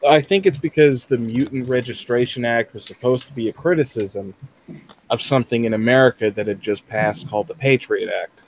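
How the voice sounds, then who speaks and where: Brief: man in his twenties, stream guest, halting casual chat, lots of restarts. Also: medium pitch, steady tone, a little hiss or hum, low-quality recording. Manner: hesitant, restarts his sentences.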